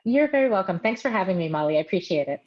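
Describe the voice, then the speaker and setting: A woman voice coach, a guest on a podcast, explaining her work in measured terms with light laughs. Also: mid-range voice, animated, darkish tone. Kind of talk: casual podcast interview. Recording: slightly dull lo-fi audio.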